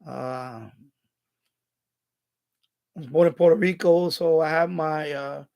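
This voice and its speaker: A man's voice: on the high side, takes it slowly, vocal fry, darkish tone, clear, resonant tone. A man with a New York Bronx accent hosting a casual live stream, rambling and repeating words as he answers viewer comments. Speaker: radio hobby live stream host.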